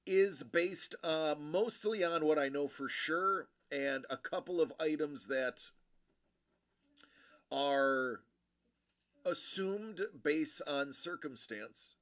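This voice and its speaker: A man hosting a livestream, chatting casually with viewers in a rambling, friendly way full of fillers and shout-outs. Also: a little high, slow. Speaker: livestream host.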